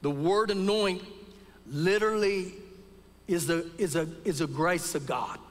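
A man preaching a sermon at a live church service, dropping to quiet, low passages and rising to loud, shouted peaks. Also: unhurried. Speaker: pastor. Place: church sanctuary. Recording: live church service in a big reverberant room.

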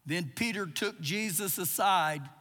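A man's voice: sits high, measured pace, pushed and bright. A man preaching a sermon, reading verses and acting out quotes with emphasis. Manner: expository preaching with dramatized quotes. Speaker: pastor. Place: church service. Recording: live service with long reverb.

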